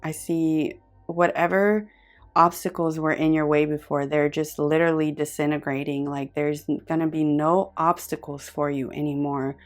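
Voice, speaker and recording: A woman giving a pick-a-card tarot reading in an earnest, effusive way, pausing often and restarting her sentences as she reaches for words. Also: deep voice, little pitch movement, soft background music. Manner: earnest, effusive and intuitive, with frequent pauses and restarts. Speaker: tarot reader.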